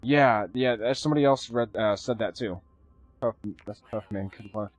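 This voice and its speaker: A man streaming live gameplay, chatty and excitable, thanking viewers and swearing casually as he plays. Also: mid-range voice, normal speed, no room sound, soft background music.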